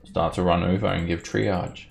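Man, game master, very low voice, relaxed chuckling narration. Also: normal speed, creaky, faint music behind.

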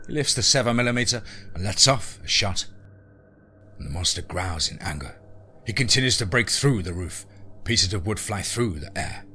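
A man's voice: fairly low pitch, pushed and bright, slightly rough. A man narrating a scripted horror story in a dramatic, tense present-tense reading.

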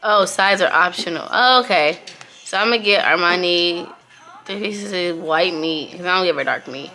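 A woman's voice: lowish voice, moderate pace, sharp tone. A young woman vlogging in a casual, chatty way, talking straight to her viewers as a mother.

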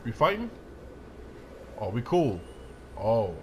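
Hyped young man shouting at a game. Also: medium pitch, takes it slowly, a little hiss or hum. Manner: excitable trash-talking with shouted whoops. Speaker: gameplay commentator. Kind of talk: hyped let's-play commentary.

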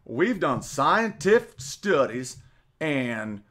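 A man doing an impression of a dim middle-aged male politician with a put-on generic Southern US accent and a slow drawl. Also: fairly high pitch, sing-song, a bit bright, full character voice.

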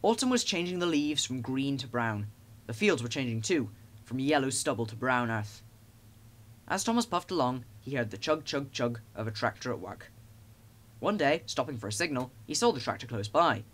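A man narrating a children's storybook in a lively, expressive way. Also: mid-range voice, moderate pace. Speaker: audiobook narrator.

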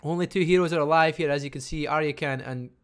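A Scottish man casting a live online strategy game match, talking fast and chattily and barely stopping for breath. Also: on the high side, fairly even intonation. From Scotland. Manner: fast, chatty, talks without pausing. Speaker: game caster. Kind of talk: live esports commentary.

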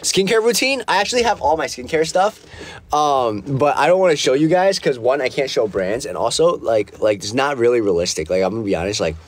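On a phone livestream from a small foam-lined practice room, a male host reads viewer comments aloud and rambles with plenty of fillers. His voice sits at medium pitch with big swings, and he talks briskly.

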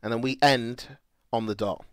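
A young man livestreaming, excitable and swearing as he talks to his chat. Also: mid-range voice, moderate pace, no room sound, studio quality. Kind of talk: casual livestream chat to viewers.

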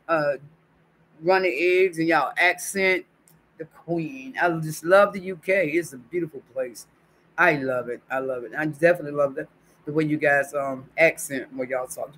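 A man's voice: fairly high pitch, normal speed, fairly bright tone. Chatty man streaming live. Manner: affectionate, chatty, reads viewer comments aloud. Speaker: YouTube livestream host. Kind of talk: casual livestream chat.

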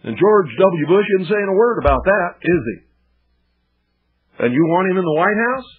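A man's voice: sits high, lively intonation, normal speed, slightly rough. A man hosting political talk radio, lecturing indignantly and firing off rhetorical questions. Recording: tinny lo-fi archived radio broadcast.

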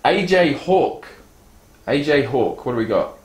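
A man's voice: medium pitch, big pitch swings, measured pace. A man casually unboxing fan gifts on his vlog, reading card stats and a letter aloud and swearing now and then. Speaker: YouTube vlogger. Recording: roomy echo.

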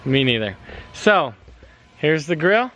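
A man's voice: a little high, sing-song, slow pace, a bit bright. A man with an American accent chatting casually to the camera in a family vlog while cooking outdoors at a backyard grill. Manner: easygoing, talks straight to camera. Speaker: family vlogger.

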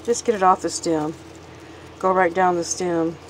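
A woman's voice: fairly low pitch, fairly even intonation, a little slow, slight background noise, rough recording. Woman, casual home cooking vlog, phone recording, slightly winded, chatty. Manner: chatty, talks while working one-handed. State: out of breath. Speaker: cooking vlogger. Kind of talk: casual kitchen demonstration. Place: home kitchen. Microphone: handheld phone.

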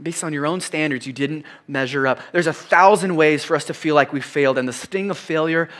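Middle-aged man, pastor giving a sermon: bright, slightly high voice, animated storytelling with hushed confessional moments. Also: fairly quick.

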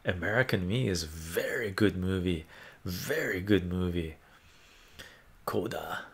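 On a relaxed livestream, a male host chats casually about movies, reading viewers' messages aloud and answering them with lots of fillers. His low voice has a husky, gravelly texture, and he speaks unhurriedly.

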